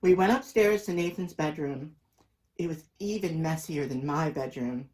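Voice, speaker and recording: A man reading a children's picture book aloud in a lively, expressive storytelling voice. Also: fairly high pitch, moderate pace, low-quality recording. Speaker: storybook reader.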